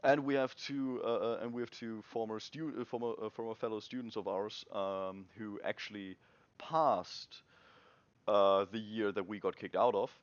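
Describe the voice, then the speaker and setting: Young guy, low-ish voice, lots of um and restarts, dry muffled mic. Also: fairly even intonation, no echo. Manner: halting, many restarts and fillers. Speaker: indie game developer. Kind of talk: casual devlog chat.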